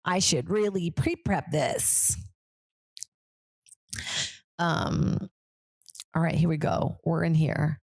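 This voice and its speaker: A woman's voice: low voice, slow pace, gravelly, pauses often, a little mellow, dry recording. A woman in her thirties hosting a comedy podcast, rambling along casually and slipping into quoted voices. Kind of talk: casual chat.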